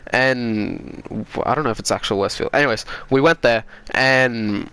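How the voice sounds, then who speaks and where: A man's voice: medium pitch, normal speed, a bit bright, clear, resonant tone. An Australian man from Sydney telling a story in casual chat, swearing freely and laughing as he goes.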